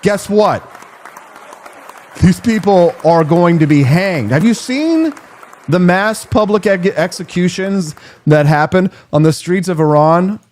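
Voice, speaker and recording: A man's voice: high voice, expressive, slow pace, darkish tone, some chatter behind, slight background noise. A man in his forties giving a sarcastic, comedic political monologue as a commentator. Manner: sarcastic, mocking.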